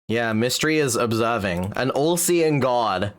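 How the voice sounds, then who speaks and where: A man's voice: mid-range voice, animated, takes it slowly. A young British man streaming live, chatting casually and teasing his chat with jokes. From Britain. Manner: teasing, joking banter with chat.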